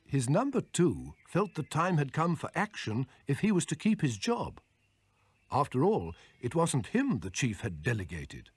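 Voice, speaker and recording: A man reading scripted storybook narration in a lively, expressive way. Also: mid-range voice, measured pace, husky, no room sound.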